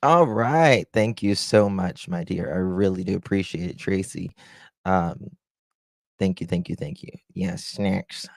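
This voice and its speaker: A man hosting a true-crime livestream, talking slowly with a gravelly edge in a low-ish voice. He chats casually, greeting viewers by name and reading their comments aloud. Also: no room sound, studio quality.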